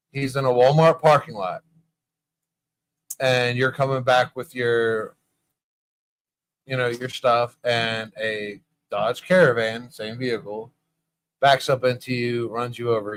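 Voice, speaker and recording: A man's voice: medium pitch, fairly bright tone. Profane, storytelling man hosting a bar chat. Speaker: podcast host. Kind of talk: casual bar-show banter.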